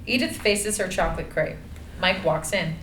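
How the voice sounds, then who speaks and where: Woman, narrator, screenplay reading, measured delivery, echoey room, faint noise. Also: medium pitch, lively intonation, a bit bright. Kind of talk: reading screenplay action lines.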